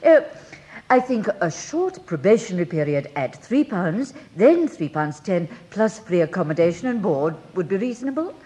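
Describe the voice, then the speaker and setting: A woman's voice: lowish voice, very animated, normal speed, dark tone. An actress playing a refined, well-off lady from the country hiring a housekeeper, polite and hesitant, in a radio drama. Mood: genteel. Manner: polite, genteel, hesitant with ums.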